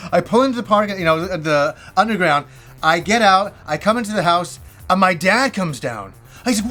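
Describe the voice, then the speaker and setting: A man hosting a gaming show, telling a personal story in a casual, animated way, swearing often and acting out other people's lines. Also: high-pitched. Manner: animated, profane, acts out quoted voices.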